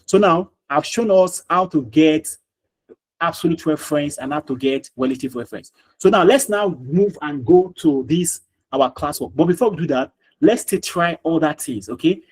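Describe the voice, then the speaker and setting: Husky male teacher in an online class. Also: on the high side, normal speed, a little mellow, low-quality recording. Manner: repeats himself, quizzes students by name. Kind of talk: live online class lesson. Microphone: video call.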